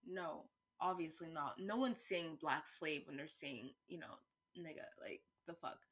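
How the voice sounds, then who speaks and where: A woman's voice: unhurried, breathy edge. Woman ranting casually, swearing freely. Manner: rambling, swears freely, thinks aloud with many restarts; animated, rising pitch and volume when worked up. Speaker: vlogger. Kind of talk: casual monologue to camera.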